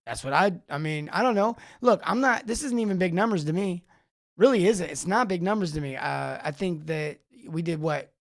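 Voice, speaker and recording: Animated man coaching plumbing business owners. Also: high voice, a little fast. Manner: animated, rambling, talks back to live chat. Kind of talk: live-streamed coaching talk.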